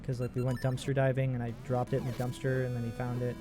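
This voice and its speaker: A man's voice: medium pitch, completely flat delivery, fast talker, over music. A man in his twenties giving casual, profane, rambling commentary while playing a video game. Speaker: let's play host.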